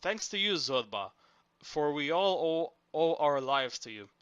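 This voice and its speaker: A man's voice: on the high side, expressive, unhurried, a bit bright, smooth, dry recording, lo-fi sound. A man voicing an earnest, bookish young mine boss in a storybook.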